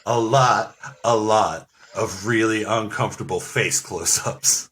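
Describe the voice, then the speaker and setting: A man's voice: on the low side, slow, a bit bright. A man hosting a casual movie podcast, playful and leading the segments. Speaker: podcast host. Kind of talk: casual chat.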